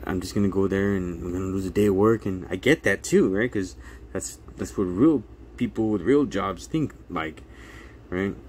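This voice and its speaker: Animated man telling a story, lowish voice. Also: moderate pace, slight background noise. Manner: animated retelling, acts out quotes, laughs often, keeps asking "right?". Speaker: channel host telling a court story. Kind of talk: casual storytelling to camera.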